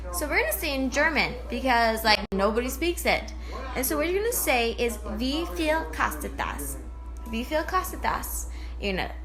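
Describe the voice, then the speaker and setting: A young adult woman giving a playful, tipsy comedic language lesson on her vlog, swearing and breaking into sudden loud outbursts. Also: fairly high pitch. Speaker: vlogger.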